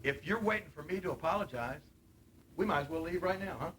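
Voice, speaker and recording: A man's voice: fairly high pitch, expressive, fast talker, a bit bright, slight background noise, low-quality recording. A man cutting a brash, mocking live wrestling promo on TV.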